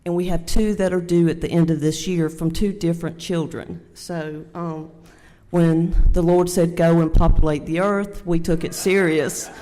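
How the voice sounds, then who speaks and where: An older woman with a Southern US accent giving a halting, heartfelt Mother's Day talk at a church microphone, near tears. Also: fairly low pitch, steady tone, mellow. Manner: halting, heartfelt, many fillers. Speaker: church speaker. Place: church sanctuary. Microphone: handheld microphone. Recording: long church hall reverb.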